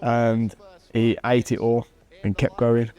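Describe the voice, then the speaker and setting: Man, 30s, MMA fighter, casual fight commentary, mid-pitched, mellow tone, animated, chuckling. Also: slow pace, clear, resonant tone. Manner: animated, chuckles at himself, bursts of excitement at big moments. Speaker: MMA fighter and channel host.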